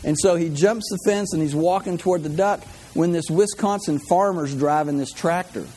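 A man's voice: on the high side, moderate pace, mellow, a little hiss or hum. A man preaching a humorous sermon in a church, chatty, repeating words and tossing in jokey asides.

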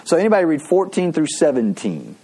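A man's voice: fairly high pitch, wildly swooping pitch, brisk, dark tone, breathy edge, low-quality recording. A man, a pastor, teaching a casual Bible study in an eager, chatty way, full of asides and restarts.

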